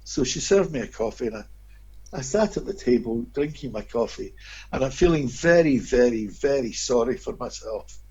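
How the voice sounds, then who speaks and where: A man's voice: mid-range voice, moderate pace, breathy edge. A man telling vivid anecdotes as a guest in an interview. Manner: animated, expressive storyteller. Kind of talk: anecdotal storytelling. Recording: dull lo-fi audio.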